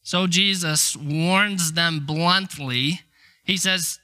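A man's voice: high-pitched, slow pace, bright, forceful tone, clean tone. A middle-aged man preaching a sermon in a conversational, emphatic way, acting out the quotes he tells. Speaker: pastor.

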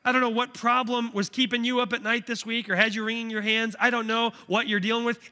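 A man's voice: sits high, pushed and bright. A man in his thirties preaching a sermon as a pastor, conversational and earnest, often checking in with "right?". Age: 30s. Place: church sanctuary. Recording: echoey church hall.

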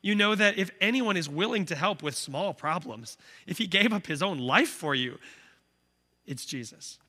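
Bright-voiced pastor in his thirties. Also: sits high, expressive, moderate pace. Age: 30s. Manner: conversational, earnest, with rhetorical "right?" asides. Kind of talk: sermon. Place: church sanctuary. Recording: echoey church hall.

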